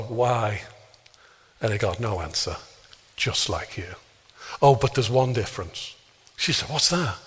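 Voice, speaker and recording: An Englishman telling a story in a sermon and acting out the dialogue, jumping up high for exclamations and dropping low for quiet asides. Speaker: speaker leading a healing prayer talk. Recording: long reverb of a large hall.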